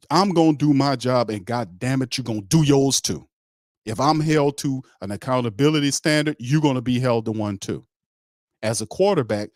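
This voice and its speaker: A male sports talk host delivering opinionated commentary, blunt and heated, heavy on casual slang. His voice is mid-pitched and recorded dry and close, with no room echo.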